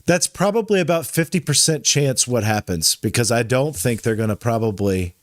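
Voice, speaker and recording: A man's voice: medium pitch, animated, normal speed, no echo, clean studio sound. A man hosting a podcast in casual chat, rambling with frequent restarts and self-corrections. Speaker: podcast host.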